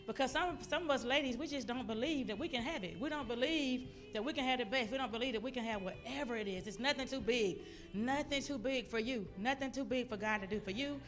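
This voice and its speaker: A woman giving an emotional, loud motivational talk as a guest speaker on a church stage. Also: on the high side. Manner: loud, exuberant, emotional testimony to a crowd. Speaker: guest speaker, business owner.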